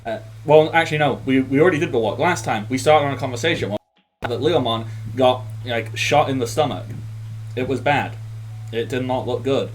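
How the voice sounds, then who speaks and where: A man's voice: medium pitch, moderate pace, a little hiss or hum, rough recording. A man running a tabletop game as game master, recapping the last session in a rambling, easygoing way with frequent laughs. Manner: laughs often, rambling with fillers.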